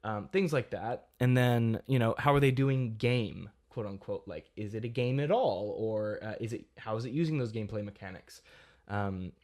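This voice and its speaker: A man's voice: on the low side, moderate pace, a little mellow. A young man co-hosting a gaming podcast in casual, rambling chat, laughing often. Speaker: podcast co-host.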